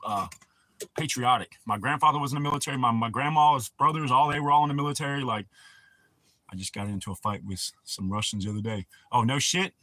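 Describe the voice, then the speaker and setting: A man's voice: mid-range voice, fast, bright, forceful tone, dry recording. A man, hosting a casual livestream and rambling crudely with a lot of swearing. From United States. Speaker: livestream host.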